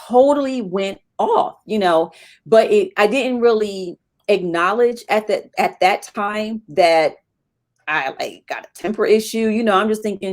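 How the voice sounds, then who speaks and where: A middle-aged woman telling a candid personal story as an interview guest, with many fillers. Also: mid-range voice.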